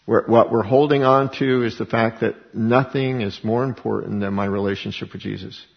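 A man's voice: lowish voice, fairly even intonation, normal speed, creaky, muffled recording. A man preaching a sermon as pastor, reading scripture and asking rhetorical questions.

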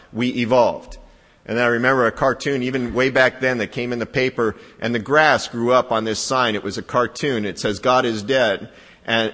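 A man preaching a sermon in a conversational style, building to emphatic, higher-pitched peaks. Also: a bit bright, big-room sound. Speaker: pastor.

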